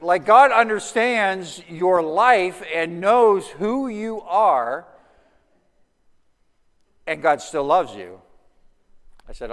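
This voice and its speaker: A man preaches from a church sanctuary, his voice smooth, resonant and a touch higher than most. He tells stories conversationally, restarting sentences as he goes. Long reverb from the hall trails each phrase. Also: drawn-out words, long pauses. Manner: conversational, animated storytelling with restarts. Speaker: pastor. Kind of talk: sermon.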